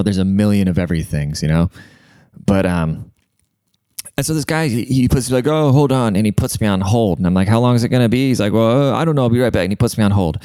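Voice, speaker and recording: A man's voice: fairly low pitch, a little mellow, smooth, no echo. A young man telling rambling, profane stories in a laid-back, slangy way, like a podcast host chatting casually. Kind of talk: casual storytelling rant.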